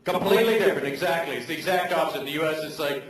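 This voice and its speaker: A man's voice: a little high, very fast. A man hosting a live stand-up comedy show in a big ballroom, rambling with self-mocking asides. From Canada. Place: large hotel ballroom with a live audience. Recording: echoey hall, far from the mic, audience noise.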